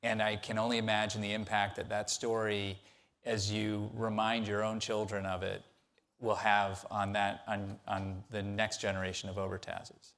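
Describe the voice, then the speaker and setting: A man with a low voice moderating a panel. He makes warm, reflective remarks to a guest in a conversational tone. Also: completely flat delivery, normal speed.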